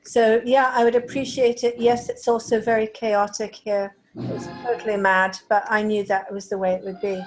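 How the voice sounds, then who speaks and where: A woman's voice: on the high side, level tone, moderate pace, soft background music, low-quality recording. A woman from England, calling in to a meeting and speaking in an earnest, slightly hesitant way. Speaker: caller. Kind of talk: casual chat.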